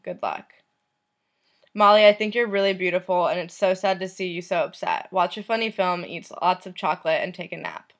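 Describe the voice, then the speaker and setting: A woman vlogger reading messages aloud, in a soft, unhurried voice that trails off at the end of lines. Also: on the low side.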